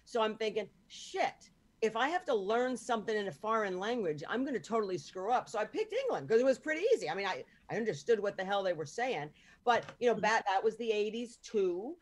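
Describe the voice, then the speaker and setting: An American podcast host in her fifties chats casually and frankly, swearing and restarting her sentences. She talks fast, with a medium pitch and lively intonation.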